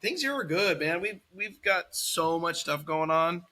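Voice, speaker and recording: Bright-voiced animated podcast host man. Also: fairly high pitch, unhurried, a little hiss or hum. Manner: animated, rambling, laughs easily. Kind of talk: casual podcast chat.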